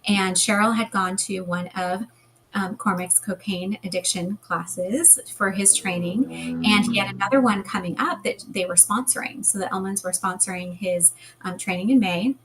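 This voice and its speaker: A woman's voice: mid-range voice, moderate pace, background noise. Fluent, explanatory female guest. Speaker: guest hypnotherapist. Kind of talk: interview answers.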